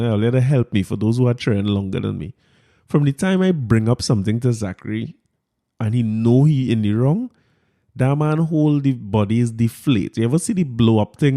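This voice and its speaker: Male podcast host, mellow voice, laughs his way through casual stories. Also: medium pitch. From Trinidad and Tobago. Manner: animated, laughs often while telling a story. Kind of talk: casual storytelling monologue.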